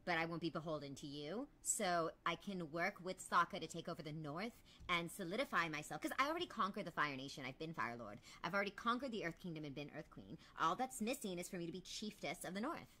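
Woman as haughty young princess; smug, teasing, lively delivery, lowish bright tone, let's-play. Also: fast talker, hardly any pauses. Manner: smug, teasing, self-satisfied. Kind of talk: in-character let's-play banter.

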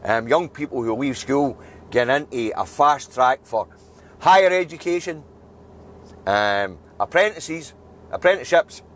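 A man's voice: medium pitch, animated, a little slow. A Scottish man giving an angry, blunt news review, swearing freely and building to emphatic outbursts. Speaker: political video commentator.

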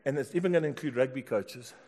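A middle-aged man with a South African English accent, preaching a sermon in a church, telling stories and swinging from hushed asides to loud calls. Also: mid-range voice, fast talker. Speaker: pastor.

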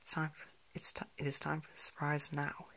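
Boots, an excitable little monkey sidekick, as a man reads him aloud from a children's storybook. The voice is lifted a little above normal and sounds eager and thrilled. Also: on the high side, fairly quick, vocal fry, full character voice. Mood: excited.

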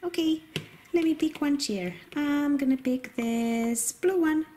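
A woman voicing an eager little puppy toy in a pretend play video, in a high, bouncy, pleading way. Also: slow pace, mellow, a little hiss or hum. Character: eager little puppy, pushy about going first.

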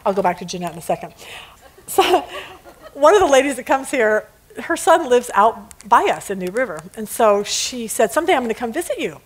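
A woman teaching a casual Bible study lesson, animated, often laughing and acting out little scenes. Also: on the high side, moderate pace, low-quality recording.

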